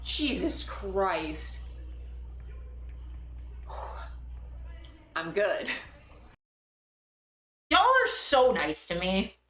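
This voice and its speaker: Bright, lively woman streamer in echoey room. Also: medium pitch, extremely slow, pauses often, a little hiss or hum. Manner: laughing, self-mocking, swears freely. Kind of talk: casual live-stream chat.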